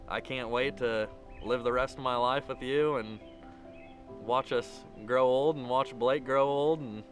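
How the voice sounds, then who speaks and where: A man's voice: mid-range voice, fairly even intonation, unhurried, soft background music. A young man telling how he proposed, then giving a wedding toast, in a rambling, run-on way. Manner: rambling, run-on storytelling with many "and"s. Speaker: groom. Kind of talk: casual storytelling and wedding toast.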